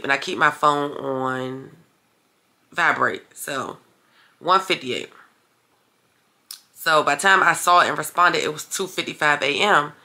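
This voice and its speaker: A woman's voice: low-pitched, pushed and bright. A woman vlogging casually to her viewers, chatty and blunt, calling them y'all and cursing when annoyed. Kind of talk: casual vlog talk to camera.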